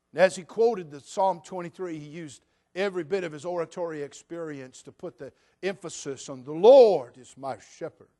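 A man's voice: fairly high pitch, darkish tone. A man preaching a sermon to his church, telling a story in a conversational way. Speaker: pastor. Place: church sanctuary.

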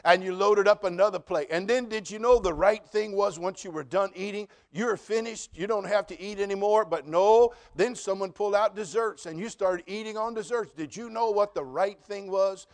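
A man's voice: high voice, normal speed, few pauses. A middle-aged man preaching a sermon as pastor, telling stories and asking the congregation questions, rising to emphatic repeated phrases. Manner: addresses congregation directly with questions.

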